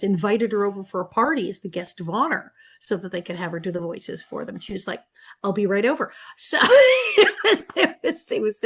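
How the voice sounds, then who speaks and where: A woman in her sixties, a guest on a podcast, telling stories in a lively casual way and laughing often. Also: mid-range voice, slightly rough. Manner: animated storyteller, laughing often. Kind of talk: casual interview storytelling.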